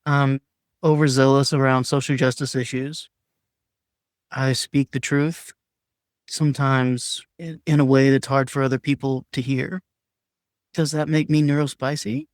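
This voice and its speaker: This clip features a man speaking openly as a podcast guest, his medium-pitched voice captured cleanly in a studio with no echo. Earnest and emphatic, he occasionally raises his voice to act out his own past words.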